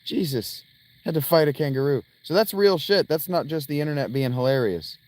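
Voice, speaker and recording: Talking to his chat as he plays, this American streamer keeps up a jokey, rambling stream of casual commentary. He has a slightly high, animated voice, a little mellow, and speaks a little fast.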